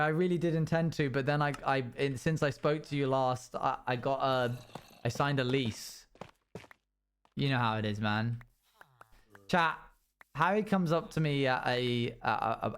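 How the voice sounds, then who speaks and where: This livestreamer talks casually to his chat, spinning rambling anecdotes and acting out what people said by raising his voice. He has a clean-toned, mid-range voice.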